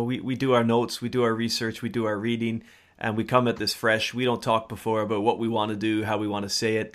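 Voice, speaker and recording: A man's voice: fairly low pitch, a bit bright. A man co-hosting a book discussion podcast in casual, rambling chat. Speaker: podcast co-host.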